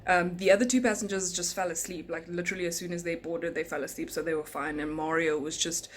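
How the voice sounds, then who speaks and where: Young woman, South African accent, casual vlog chat, animated storytelling. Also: lowish voice, fast talker, a little hiss or hum. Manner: animated, acts out passengers' lines in quotes. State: tired, speaking softly in the morning. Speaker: flight attendant vlogger.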